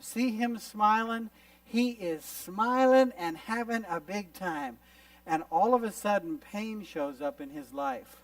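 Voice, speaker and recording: High-voiced, animated male youth preacher. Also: dry recording, recorded from a distance, low-quality recording. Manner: animated storyteller who acts out little scenes. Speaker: youth conference speaker. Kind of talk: youth sermon with visual illustrations. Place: camp meeting hall.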